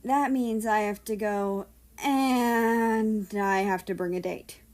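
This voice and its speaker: A woman reading as a glum young man who rambles on in a self-deprecating way. The voice is slow and drawn out, in an audiobook character read. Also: mid-range voice, steady tone, a little mellow, lightly acted. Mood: rambling.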